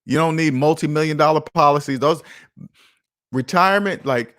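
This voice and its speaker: A man's voice: on the high side, moderate pace, a bit bright, dry recording, clean studio sound. Passionate man preaching about money. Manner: passionate, preachy, repeats his points. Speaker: personal finance show host. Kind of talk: casual talk monologue.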